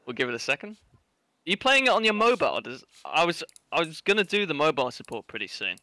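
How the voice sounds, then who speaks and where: Casting: man, game event organizer, bright voice, dry close mic, easygoing banter. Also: fairly high pitch, big pitch swings, fast, no room sound. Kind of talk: casual chat over voice chat.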